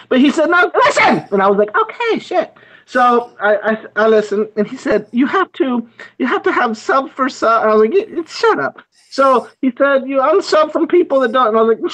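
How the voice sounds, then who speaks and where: A performer voicing a goofy, childlike male character who stammers and giggles in an improvised livestream bit. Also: fairly bright tone. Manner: stammering, giggly, high-pitched.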